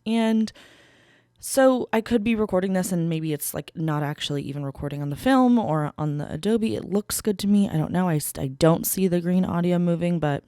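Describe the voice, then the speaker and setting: A woman's voice: lowish voice, fairly quick, dark tone, smooth, no room sound. A young woman hosting a solo podcast, chatting in a rambling casual way with lots of fillers, recorded in a small studio. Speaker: podcast host. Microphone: studio mic.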